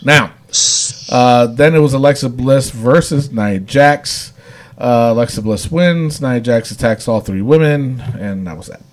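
A man's voice: mid-range voice, measured pace. A man casually recapping wrestling episodes on a podcast, rambling with lots of fillers and frequent laughs. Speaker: podcast co-host.

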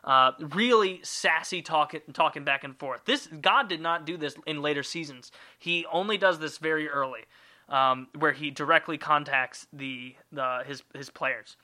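A man telling a story on a comedy podcast, swearing freely and rambling in an irreverent way. His voice is very bright and forceful, pitched a little higher than most men's. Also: normal speed. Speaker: podcast host.

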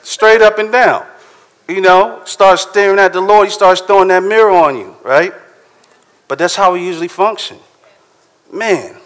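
A pastor, preaching a conversational sermon and reading scripture aloud slowly. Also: male voice, sits high, a bit bright.

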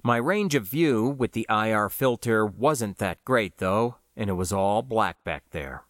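A man narrating a science-fiction novel in the first person, with a measured, expressive storytelling delivery. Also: fairly low pitch, no echo, studio quality. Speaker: audiobook narrator.

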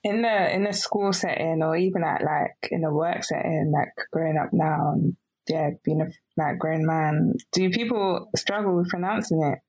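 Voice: medium pitch, normal speed, vocal fry, a little mellow, rough recording. A podcast host asking a guest questions in an easygoing, encouraging way. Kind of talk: interview questions.

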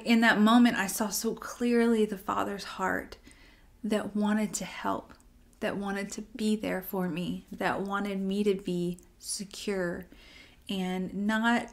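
Woman, devotional talk, conversational, acts out inner dialogue, soft near-whisper at tender moments. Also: mid-range voice, fairly even intonation, slow pace. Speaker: devotional speaker.

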